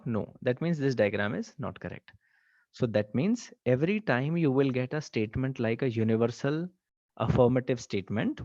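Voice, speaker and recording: An online exam-prep teacher runs a live class, frequently checking in with students and repeating "okay" and "right." His mid-range voice is a little mellow, with no room sound, captured as dry, slightly dull webcast audio.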